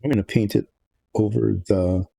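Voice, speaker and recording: Here an older man, a miniature painter, narrates his model work in a gravelly, low voice at a moderate pace, with no echo. His delivery is loose and meandering: he thinks out loud, wanders into reflections, and begins sentences over.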